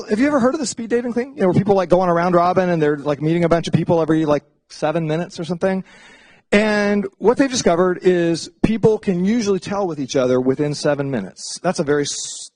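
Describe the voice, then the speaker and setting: A middle-aged psychology professor gives a casual classroom lecture, chatty and animated, often slipping into playful voices for asides. His voice is a little high, and the recording has no room sound.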